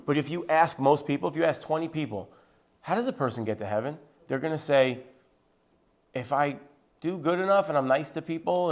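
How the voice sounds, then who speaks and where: A man telling a personal faith story in a lively, conversational way, acting out the dialogue as he goes. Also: medium pitch. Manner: acts out quoted dialogue with lively shifts; conversational, with "like" and "right?" asides. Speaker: Christian speaker sharing his testimony.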